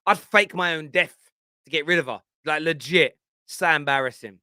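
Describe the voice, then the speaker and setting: A man in his forties with a London accent, hosting a football fan show with animated, blunt banter. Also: on the high side, moderate pace, no room sound, clean studio sound. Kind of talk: live chat show rant.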